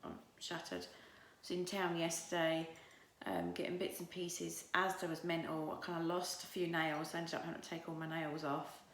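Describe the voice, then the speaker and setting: A woman chatting casually to her phone camera as a vlogger, rambling with plenty of fillers, partly in a breathy half-whisper. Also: low voice, normal speed, few pauses, reverberant. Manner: half-whispered, breathy asides while walking. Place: outdoors on a road at night, walking uphill; at home indoors. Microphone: phone held at arm's length.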